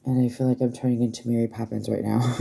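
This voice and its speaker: Low, gravelly woman rambling on a livestream. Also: flat delivery, fast, mellow. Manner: rambling, swears freely, many fillers. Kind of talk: casual livestream chat.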